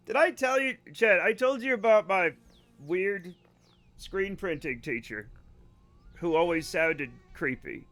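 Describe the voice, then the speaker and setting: Lively high-voiced man telling stories. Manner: rambling, self-correcting, laughs often. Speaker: livestreamer. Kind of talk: casual storytelling while gaming.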